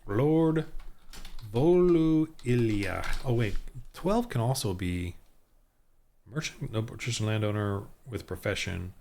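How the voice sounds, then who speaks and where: A man's voice: fairly low pitch, lively intonation, creaky. A man thinking aloud as he rolls dice and builds town characters for a tabletop game, muttering and restarting often. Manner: muttering to himself, halting, many restarts. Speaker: solo tabletop game designer.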